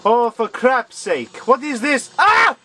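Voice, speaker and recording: Grumbling gamer with a lively voice. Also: male voice, fairly high pitch, measured pace, noisy background. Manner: grumbling, exasperated, talks to the enemies. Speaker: let's play gamer. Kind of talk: gameplay commentary.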